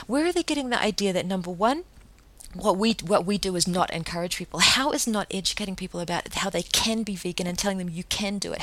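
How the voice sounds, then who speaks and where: A woman hosting her own podcast, ranting indignantly and firing off emphatic rhetorical questions. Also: fairly low pitch. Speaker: podcast host. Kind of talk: solo podcast rant.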